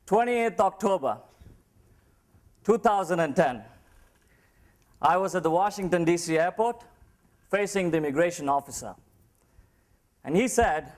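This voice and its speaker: A man's voice: high-pitched, lively intonation, unhurried, pauses often. Indian English man, contest comedian, storytelling with accent impressions, slightly raised voice. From Chennai, India. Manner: comic storytelling with mimicry of accents. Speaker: speech contestant. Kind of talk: humorous contest speech.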